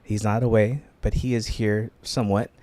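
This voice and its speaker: A man's voice: lowish voice, level tone, normal speed, darkish tone, dry recording. Middle-aged man, from California's Central Valley, podcast producer, jokey, stumbling restarts, dry studio sound. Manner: joking, laughs often, stumbles and restarts. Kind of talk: casual joking interview.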